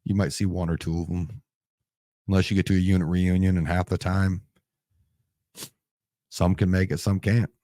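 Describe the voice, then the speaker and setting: A Marine veteran guest in his forties, deep-voiced and dark in tone, tells war stories in a casual interview at normal speed, leaving long pauses and keeping a level tone. He's emotional and tearing up, swearing and restarting sentences, on clean studio sound without echo.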